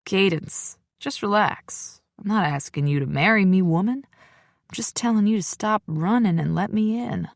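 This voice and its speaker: A female narrator voicing a persistent, possessive biker man, speaking low and insistent. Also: moderate pace, no room sound, studio quality, close to an everyday voice. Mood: firm.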